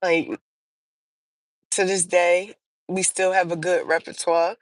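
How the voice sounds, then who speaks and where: A woman with a fairly low, level voice hosts a livestream, speaking slowly as she tells personal stories in a casual, rambling way full of fillers and restarts. The recording is rough, with no room sound.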